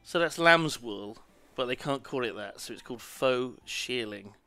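Lively bright-voiced male streamer chatting. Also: mid-range voice, normal speed, faint music behind. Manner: swears freely, apologetic asides to himself. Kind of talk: casual live-stream gameplay chatter.

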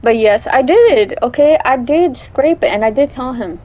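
A woman's voice: high voice, animated, normal speed. Chatty young woman streaming a game. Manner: chatty storytelling, loud startled outbursts. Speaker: gaming streamer. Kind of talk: casual gameplay commentary.

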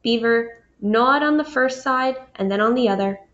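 A woman reading a children's picture book aloud with expressive delivery, pausing to ask her young listeners questions. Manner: expressive, asks listeners questions, raises pitch for characters' lines. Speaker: storybook reader. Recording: dull lo-fi audio.

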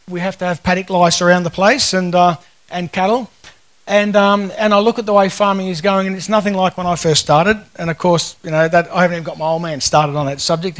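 A man in his fifties with an Australian accent, giving a casual, joking conference talk full of stories. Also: high voice. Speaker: conference speaker.

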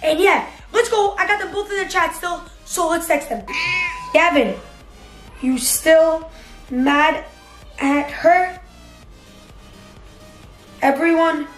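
Very high-pitched, excitable vlogging woman. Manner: excitable, dramatic, drawn-out slow phrases. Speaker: YouTuber. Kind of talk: excited vlog narration reading out text chats. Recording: echoey room with background music.

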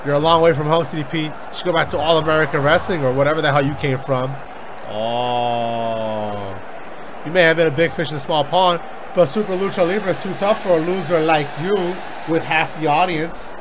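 A man's voice: on the high side, moderate pace, background noise, natural voice. A man reading a cocky rival wrestler. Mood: taunting. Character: cocky male wrestler rival, territorial boss.

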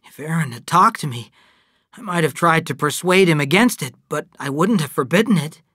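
A reader voicing a troubled middle-aged father, puzzled and dreamy, in an audiobook reading with slightly lifted pitch. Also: expressive, brisk, fairly bright tone, slightly rough, dry recording, clean studio sound.

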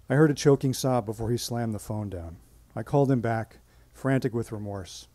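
Mellow-voiced man telling a story live. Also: mid-range voice, no echo. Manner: measured, dramatic pauses. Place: stage at a live storytelling event.

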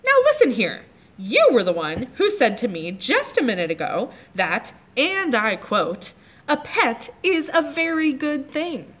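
A woman's voice: a little high, very animated, measured pace, few pauses, exaggerated voice. A woman reading aloud, voicing a bossy, demanding young girl who throws tantrums. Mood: bossy, indignant. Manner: snippy and loud.

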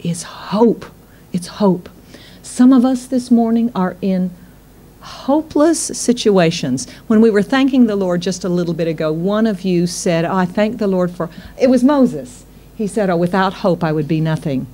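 Woman preacher, mid-pitch, tired but lively, laughs through asides, sermon delivery. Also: moderate pace. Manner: warm, laughing asides, acts out quotes.

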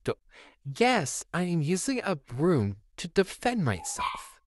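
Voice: very animated, takes it slowly, noisy background. A performer voicing a flustered, sarcastic male puppet neighbor stuck babysitting a child, in a home-made fan audio drama with a close, dry home mic. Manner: sarcastic, easily flustered, wildly swinging pitch.

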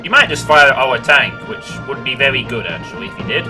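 A man giving let's-play commentary, his pitch bouncing up and down as he plans moves and reacts. Game music plays clearly behind his voice. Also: quick pace. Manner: thinking aloud, swearing, lively reactions. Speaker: game streamer.

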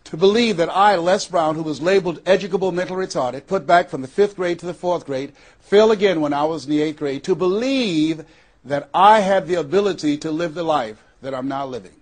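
A man from Miami, Florida, giving a motivational speech, emphatic and repetitive, slowing down on key phrases with dramatic pauses. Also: on the high side. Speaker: motivational speaker.

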